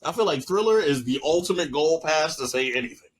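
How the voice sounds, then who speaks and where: A young man co-hosting a podcast, chatting casually and telling stories loudly with lots of laughter. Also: on the high side, a little fast, slightly rough, rough recording. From New York. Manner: loud animated storytelling, lots of laughing. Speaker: podcast co-host. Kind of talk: casual chat.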